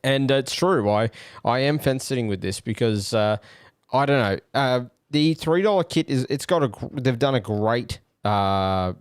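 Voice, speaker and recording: An Australian man hosting a podcast, musing aloud in casual commentary with many pauses and fillers. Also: medium pitch, clear, resonant tone, no room sound, clean studio sound. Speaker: podcast host.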